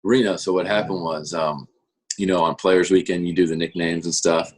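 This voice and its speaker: A young man, a pro baseball pitcher, chatting as a guest in a relaxed, rambling way full of fillers. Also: moderate pace. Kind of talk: casual interview chat.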